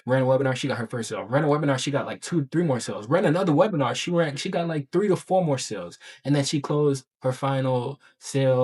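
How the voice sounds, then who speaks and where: Man, online coach, casual vlog talk, excited, rambling, slangy filler words, average pitch.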